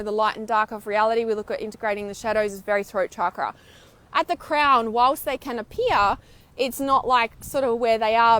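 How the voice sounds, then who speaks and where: A woman with a voice pitched a touch above average gives a spiritual lesson, filming herself as she talks. Her delivery is casual and animated, with frank swearing and quick acted-out inner voices as examples. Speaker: intuitive healer and spiritual mentor. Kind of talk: spiritual teaching talk to camera. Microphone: filming herself on camera.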